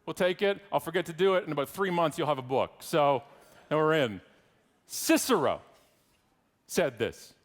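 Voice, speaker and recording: A man's voice: a little high, lively intonation, normal speed, long pauses. Joking Canadian man in a big hall. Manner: wry, joking, teasing the audience. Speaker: keynote speaker. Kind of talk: humorous keynote speech. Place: large conference hall stage. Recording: long reverb of a large hall.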